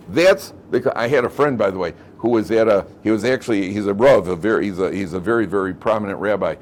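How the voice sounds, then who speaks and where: A man's voice: mid-range voice, expressive, fast talker, hardly any pauses. A man, a rabbi, giving a Torah lecture to a live class, talking conversationally, repeating phrases and acting out quoted speech in his stories.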